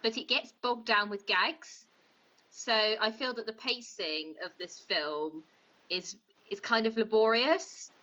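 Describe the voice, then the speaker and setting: A woman co-hosting a comedic podcast as the prosecutor, critiquing a film in an opinionated, sharp-tongued way. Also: fairly high pitch, slow, dull audio.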